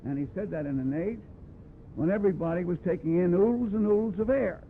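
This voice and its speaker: A man's voice: high-pitched, fast. A man giving a brass clinic in a plainspoken, wry way, scatting phrases to demonstrate. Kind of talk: blunt, conversational teaching talk. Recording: tinny lo-fi archival tape with faint hiss.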